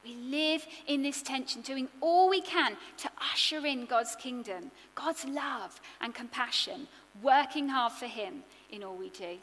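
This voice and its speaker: Bright-voiced woman preaching. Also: high voice, unhurried, hardly any pauses, long reverb tail. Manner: earnest, expressive, rhythmic lists. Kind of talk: sermon.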